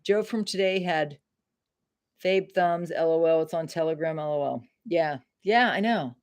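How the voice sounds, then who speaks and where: A middle-aged woman from Maine hosts a livestream at home, talking straight to her chat. Her voice sits a little low, and she swears freely as she vents. She speaks close to her webcam. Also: unhurried, darkish tone, smooth. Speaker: livestream host. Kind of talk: casual livestream chat with viewers.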